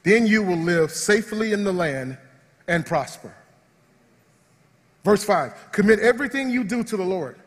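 A pastor preaching with a high, slightly husky voice. He moves from loud shouts of praise to quiet, hushed asides. His words ring out through a large hall with a long reverb. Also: expressive, normal speed, pauses often. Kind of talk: sermon.

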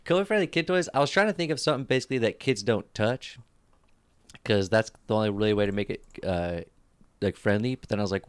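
A man's voice: lowish voice, fast, smooth, no room sound. A man hosting a casual comedy podcast, joking and laughing often as he riffs. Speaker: podcast host.

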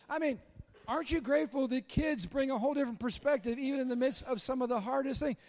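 Speaking fast, a high-voiced, middle-aged male pastor tells jokes and stories in a humorous sermon in the church sanctuary. One moment he's loud and excited, the next he drops into hushed asides.

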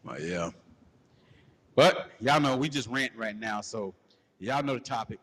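A man hosting a podcast, telling a crude comedic story in a loose, animated way and laughing as he goes. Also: medium pitch, normal speed. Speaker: podcast host. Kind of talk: casual comedic storytelling rant. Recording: long hall reverb.

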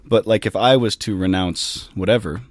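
A priest with a fairly low voice talks through church matters on a podcast. He is chatty and explains things with jokes and asides. The sound is dry and close. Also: normal speed, no room sound. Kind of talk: casual podcast chat.

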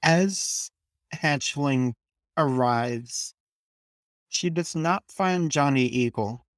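A man narrating a tabletop game as game master in a slow, measured way. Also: on the high side, dry recording.

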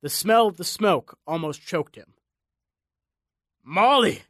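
A man narrating an audiobook in a measured, dramatic storytelling manner. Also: on the high side, no echo, clean studio sound. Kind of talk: scripted narration.

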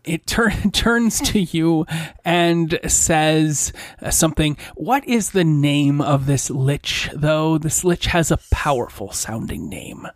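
A man's voice: on the high side, no room sound, clean studio sound. Playful man running a tabletop game. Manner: playful, laughs often, quick asides. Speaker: game master.

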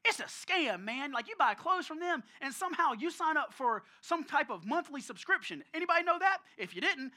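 A man preaching as a pastor, telling a story in a lively, conversational way and calling out listeners by name. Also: very high voice. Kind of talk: storytelling sermon. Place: church service.

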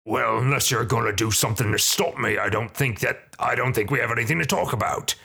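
A man's voice: mid-range voice, a little fast, gravelly, sharp tone, slightly rough, full character voice. A man voicing a smug male hobgoblin who leads a gang, speaking in a cocky, taunting way in a tabletop game.

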